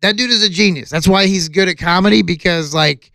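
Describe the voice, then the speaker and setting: A man's voice: high voice, fairly quick, creaky, sharp tone, dry recording. A man who is a stand-up comedian, chatting casually on a podcast and plugging shows with lots of fillers.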